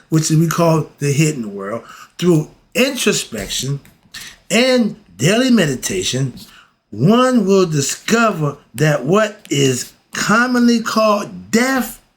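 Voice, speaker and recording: A man teaching philosophy in a casual, emphatic way, often throwing rhetorical questions at his listeners. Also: a little high. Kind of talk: casual spoken lesson.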